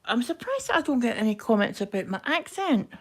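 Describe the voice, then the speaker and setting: A woman with a broad Scottish accent chatting quickly and casually to viewers on a live craft stream while she stitches. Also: fairly high pitch, very animated. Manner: quick-talking, chatty, self-deprecating. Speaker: craft livestream host.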